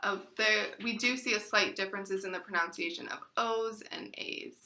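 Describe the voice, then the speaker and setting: A woman's voice: mid-range voice, normal speed, pushed and bright, echoey room, a little hiss or hum, rough recording. A woman giving a read-aloud class presentation, reading from notes with some fillers and repeated phrases. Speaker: student presenter.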